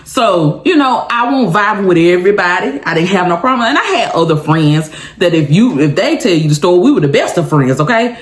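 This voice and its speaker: A woman's voice: fairly low pitch, a little fast, few pauses, reverberant. A woman vlogger telling a story in a casual chat, talking straight to viewers and laughing often. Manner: animated, dramatic, talks straight to viewers.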